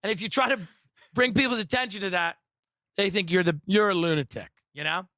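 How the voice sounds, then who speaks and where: A man hosting a podcast, riffing in a sarcastic, deadpan comedic monologue full of dark satire and sudden mimicked voices. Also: sits high, brisk, dry recording. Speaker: podcast host.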